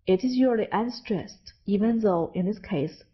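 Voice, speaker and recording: A woman narrating a scripted English lesson, reading word lists in a slow, deliberate way. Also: mid-range voice, slight background noise. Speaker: English teacher. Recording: dull lo-fi audio.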